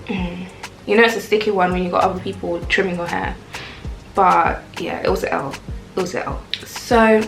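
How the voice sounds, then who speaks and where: A young woman, telling a casual storytime rant in a chatty, animated way. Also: medium pitch, vocal fry. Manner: chatty, animated, lots of "like" and "I was like". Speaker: vlogger. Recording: echoey room with faint music.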